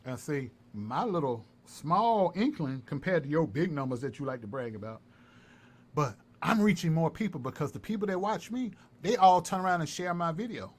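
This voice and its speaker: A man with a slightly high voice talks at a normal pace in a heated livestream callout. He's from North Carolina and comments on the stream in an animated way, taunting and repeating himself. Faint background noise sits under the recording.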